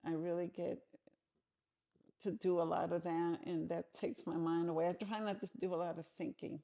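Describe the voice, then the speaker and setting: A woman's voice: fairly low pitch, level tone, moderate pace, mellow. A middle-aged woman answering interview questions frankly and conversationally, often restarting her sentences.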